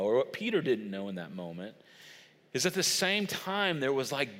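A man preaching a sermon, swinging from loud emphatic lines to hushed, slow ones. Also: medium pitch. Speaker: pastor. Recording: hall reverb.

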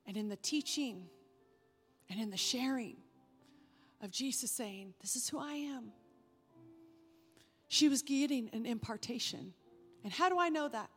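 A woman preacher delivering a sermon, emphatic, rising when animated and dropping soft to stress a point. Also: on the high side, a little slow, long pauses, husky. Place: church sanctuary. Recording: reverberant hall with faint music.

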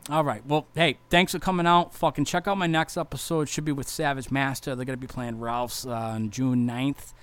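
A young man, a touring metal bass player rambling heartfelt thanks with lots of swearing and fillers. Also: steady tone, moderate pace, few pauses, fairly bright tone, smooth. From Massachusetts. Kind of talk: casual vlog thank-you message.

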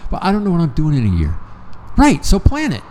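A man's voice: on the high side, wildly swooping pitch, fast, dark tone, a little hiss or hum. A man in his sixties from Michigan, casually telling rambling, profane stories and acting out old conversations. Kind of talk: casual chat.

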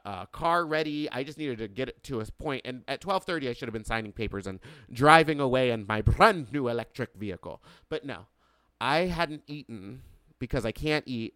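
A man, a drag queen guest-hosting a podcast, telling a story in a casual, animated rant that jumps from loud outbursts to quiet asides. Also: medium pitch, clean tone, no room sound.

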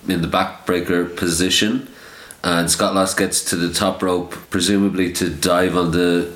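A man's voice: sits low, level tone, measured pace, fairly bright tone. A man co-hosting a casual podcast, recapping matches in a dry manner. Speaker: podcast co-host. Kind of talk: casual chat. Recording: echoey room.

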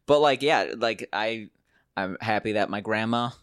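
A man's voice: lowish voice, measured pace, a bit bright, clean tone, dry recording, studio quality. A young American man in casual chat, filling his talk with "like" and other fillers. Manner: heavy use of "like", casual filler-laden talk.

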